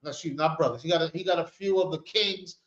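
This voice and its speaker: A man's voice: fairly high pitch, fast, a bit bright. A man teaching scripture, preaching with fiery, repetitive rhetorical questions, outdoors on a street corner. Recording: echoey, dull sound.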